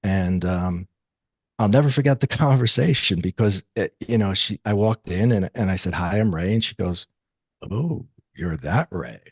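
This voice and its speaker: A deep-voiced man with a husky edge speaks as a guest in an interview. He recounts a personal story in an earnest, confessional way and acts out the dialogue as he goes. The recording is dry, with no room echo. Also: moderate pace. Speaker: guest telling his story.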